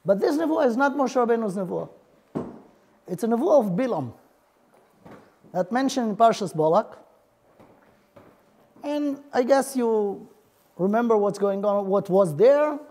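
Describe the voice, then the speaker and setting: Woman teaching Torah earnestly, high voice. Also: warm tone. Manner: explains earnestly in broken English, mixing in Hebrew terms. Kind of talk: Torah lesson.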